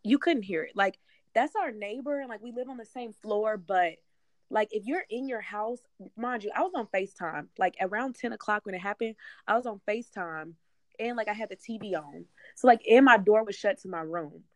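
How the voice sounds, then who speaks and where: A woman's voice: mid-range voice, normal speed, dry recording. A woman with a Texan accent, co-hosting a podcast in casual chat, who explains herself with lots of fillers and restarts. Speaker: podcast co-host.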